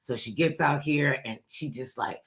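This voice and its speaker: Woman host, lively storyteller, does the family voices as she goes. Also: extremely low pitch, moderate pace. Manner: animated storyteller, acts out quoted voices. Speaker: radio host. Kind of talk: storytelling on a talk show.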